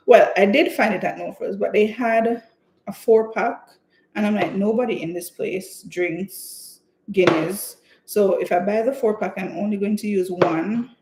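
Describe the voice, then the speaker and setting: A woman's voice: mid-range voice, moderate pace, darkish tone. A woman chatting casually and telling rambling stories while baking at home on a live stream. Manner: chatty, rambling storyteller with laughs. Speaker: home cook vlogger. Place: home kitchen. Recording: echoey room, faint noise.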